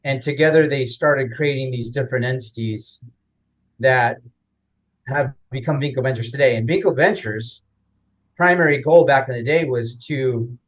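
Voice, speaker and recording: A man's voice: medium pitch, moderate pace, muffled recording. A man as an interview guest, explaining at length in a rambling casual way with frequent fillers and restarts.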